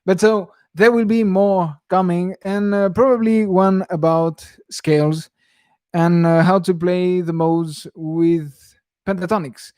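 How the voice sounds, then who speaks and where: A man's voice: sits high, steady tone, slow pace, darkish tone, no echo, studio quality. A young man who teaches guitar, chatting casually on a live stream Q&A and rambling with frequent chuckles. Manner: rambling, self-interrupting, chuckles often.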